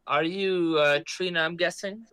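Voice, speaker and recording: A man's voice: high-pitched, steady tone, unhurried, bright, forceful tone, smooth. A man taking part as a player in a tabletop game, speaking in a tentative, questioning way.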